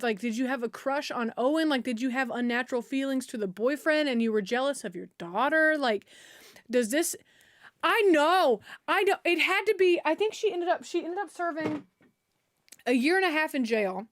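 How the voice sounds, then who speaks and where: A woman's voice: sits high, animated, normal speed, no room sound, clean studio sound. A young woman streamer retelling a story in casual, slangy chat, full of fillers and outbursts.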